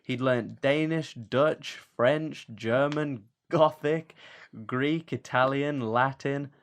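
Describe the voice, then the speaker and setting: A man co-hosting a comedy podcast, rambling through facts with plenty of ums and laughs. His voice sits at an ordinary middle pitch and sounds relaxed and chatty. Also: takes it slowly, smooth. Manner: laughs often, rambling with fillers. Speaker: podcast co-host. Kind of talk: casual comedic chat.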